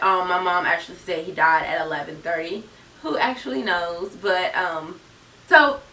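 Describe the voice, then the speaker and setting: A woman's voice: medium pitch, bright, forceful tone, far from the mic. A young woman in her twenties telling a personal story straight to her viewers in an earnest, chatty way. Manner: earnest, addresses viewers directly. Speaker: YouTuber. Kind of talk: storytime vlog. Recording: echoey room, mic set back.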